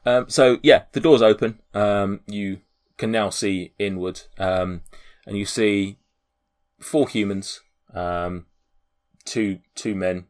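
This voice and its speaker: A man's voice: on the low side, steady tone, slow pace. A man running a tabletop game, narrating hesitantly with many fillers. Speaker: game master.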